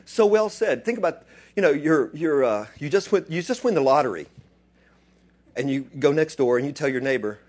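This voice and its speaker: A man preaching a sermon, dropping to quiet asides and then rising into loud, excited bursts. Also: fairly high pitch, moderate pace. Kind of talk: animated sermon.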